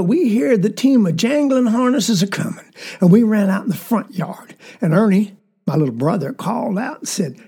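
A woman's voice: medium pitch, gravelly, warm tone, husky. A woman with a Southern accent performing a dramatic monologue as a child, telling a tale in a folksy drawl. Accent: Southern American. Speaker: storyteller.

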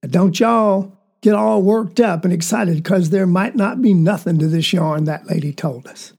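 A jovial country father with a Southern drawl, as a woman storyteller puts him on, hearty and booming. The voice is husky and mellow underneath. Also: normal speed. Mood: folksy, warm. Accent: Southern American. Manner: hearty drawl, shouts greetings.

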